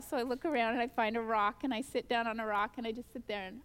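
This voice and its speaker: A woman's voice: sits high, steady tone, fast, a bit bright, clear, resonant tone. A woman giving a personal testimony at a church gathering, telling stories earnestly and acting out her own prayers. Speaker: guest speaker at a church gathering. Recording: long church hall reverb.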